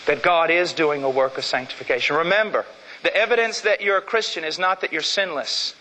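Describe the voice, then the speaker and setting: A middle-aged man preaching a sermon in a church, emphatic, swinging from loud declarations to hushed, intense passages. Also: fairly high pitch, a little fast, a little hiss or hum. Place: church sanctuary. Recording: long church reverb.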